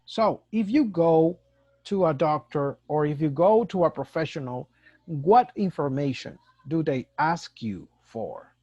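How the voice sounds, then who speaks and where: Guy teaching english, slow and careful, kinda high voice, dull dry recording. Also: lively intonation, dark tone, no echo. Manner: slow, mixes Spanish and English explanations. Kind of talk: recorded online lesson.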